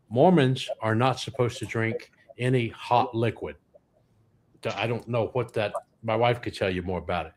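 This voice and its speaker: A man, a guest comedian telling rambling anecdotes with dry punchlines. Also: medium pitch. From Louisiana, US. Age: 60s. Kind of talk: comic storytelling on a podcast.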